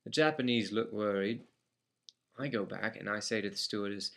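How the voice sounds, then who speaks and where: A man's voice: lowish voice, normal speed, vocal fry, fairly bright tone. A man with an English accent telling a first-person anecdote in a matter-of-fact, dry way. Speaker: storyteller.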